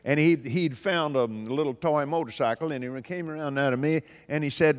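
A man's voice: fairly high pitch, normal speed, hardly any pauses. Older male preacher, folksy and emphatic. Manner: folksy, emphatic, repeats phrases for stress. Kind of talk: sermon. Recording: long hall reverb.

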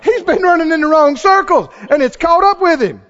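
Casting: high, lively male pastor, shouting rhetorical questions, dull recording. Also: brisk, some chatter behind. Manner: swings from hushed asides to shouted exclamations; fires rhetorical questions at the congregation. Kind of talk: sermon.

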